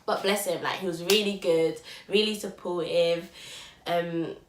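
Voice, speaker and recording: A woman's voice: lowish voice, a little slow, background noise. A young woman, casually telling a story on a podcast, acting out quotes and laughing. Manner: animated, acts out quotes loudly and laughs. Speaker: podcast co-host. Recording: roomy echo.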